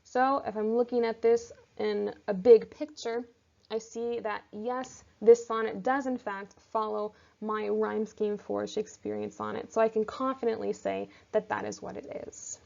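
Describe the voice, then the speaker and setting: Patient woman teacher with a gravelly edge. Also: medium pitch, little pitch movement, unhurried, dark tone. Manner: patient, step-by-step explaining. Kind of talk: recorded classroom lesson. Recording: dull lo-fi recording.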